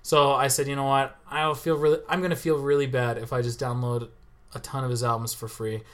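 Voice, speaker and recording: Fast-talking man in casual chat. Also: mid-range voice, flat delivery, fairly bright tone. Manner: quick, enthusiastic, playful. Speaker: podcast co-host.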